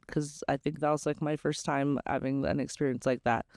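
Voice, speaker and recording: Young woman host, frank storyteller, smooth and clear, dry booth sound. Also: deep voice, steady tone, a little fast, hardly any pauses, darkish tone, dry recording. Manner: candid and chatty, many "like"s. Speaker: podcast host. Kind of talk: casual storytelling.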